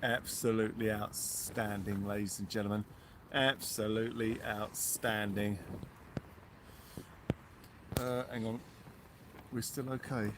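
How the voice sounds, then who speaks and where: A man hosting a live fishing stream outdoors on the shore at night, giving excitable commentary and thanking his supporters one by one. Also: fairly low pitch, measured pace, pauses often, heavy background noise. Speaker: fishing livestream host.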